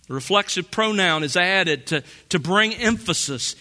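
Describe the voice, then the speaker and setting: A man preaching a sermon, slow and deliberate, drawing out key phrases for emphasis. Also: on the high side, lively intonation, sharp tone. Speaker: pastor.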